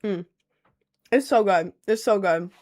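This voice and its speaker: A woman's voice: mid-range voice, measured pace, darkish tone. A young woman streamer in casual chat, rambling, jokey and self-mocking.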